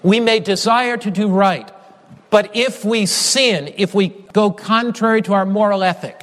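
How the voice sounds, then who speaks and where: A man's voice: sits high, long reverb tail. A male pastor preaching a sermon with an emphatic, repetitive cadence.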